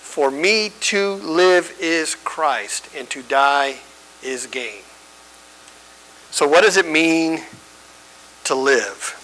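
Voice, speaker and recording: A man's voice: fairly high pitch, animated, very slow, long pauses, bright, forceful tone, a little hiss or hum, low-quality recording. A man teaching a church Bible study, conversational and emphatic, often checking in with his listeners.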